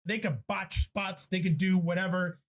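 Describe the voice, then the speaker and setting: A man co-hosting a podcast, telling stories in a casual, animated and profane way. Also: high voice, normal speed. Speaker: podcast co-host.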